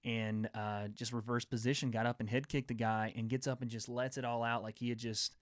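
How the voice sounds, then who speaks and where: A man's voice: medium pitch, flat delivery, a little fast, no echo, studio quality. Male host, young adult, mid-range voice, rambling eager fight chatter. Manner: rambling, enthusiastic fight talk. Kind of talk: casual sports chat.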